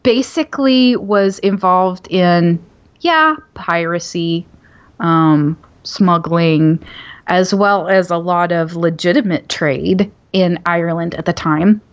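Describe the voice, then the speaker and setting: A woman with a slightly low voice talks through history she has researched, full of enthusiasm and pausing on ums. Her audio sounds dull and lo-fi. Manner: enthusiastic, detailed explaining with many ums. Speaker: author guest. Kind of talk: podcast interview.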